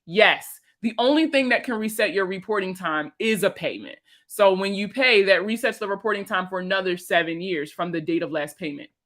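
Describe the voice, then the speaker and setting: A woman chats casually on a livestream, rambling from topic to topic. She swears freely and laughs easily, and her voice is bright and forceful. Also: medium pitch, a little fast, hardly any pauses. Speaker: personal finance creator and veteran.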